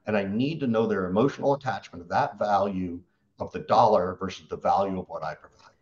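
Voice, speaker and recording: Low-ish guy, sales coach on a podcast, acts out his clients, kinda dull lo-fi sound. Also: a little fast. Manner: animated storytelling, acts out client quotes. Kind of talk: podcast interview answer.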